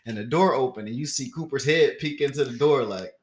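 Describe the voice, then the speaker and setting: Telling a casual story on a podcast, a young co-host animatedly acts out the other people's voices and laughs a lot. He speaks fairly quickly at a medium pitch.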